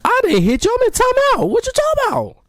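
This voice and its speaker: A man doing a shrill indignant schoolboy. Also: huge pitch swings, quick pace, vocal fry, a bit bright, no echo, studio quality, exaggerated voice. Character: angry schoolboy protesting his innocence, shrill.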